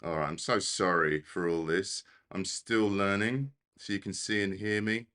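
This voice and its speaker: A man's voice: low-pitched, moderate pace, sharp tone. A man hosting a live-streamed meditation session, a little out of breath and flustered, laughing at his own tech trouble. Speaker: meditation host. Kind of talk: live-streamed casual talk. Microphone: desk microphone on a live stream.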